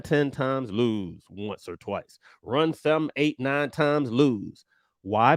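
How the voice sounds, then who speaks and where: Animated, gravelly-voiced male trading coach. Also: on the high side, no room sound. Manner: animated and emphatic, chatty and blunt toward his viewers. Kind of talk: energetic online trading lesson.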